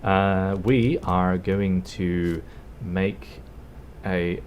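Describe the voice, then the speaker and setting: A man's voice: low-pitched, fairly even intonation, extremely slow, darkish tone, a little hiss or hum. An Australian man casually commenting on his gameplay in a rambling, laid-back way, swearing and laughing now and then. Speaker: streamer.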